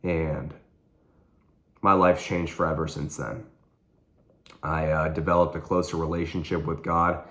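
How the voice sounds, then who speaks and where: A man's voice: rumbling low, level tone, moderate pace, fairly bright tone. A young man vlogging, telling a personal story with earnest intensity and repeating phrases for emphasis.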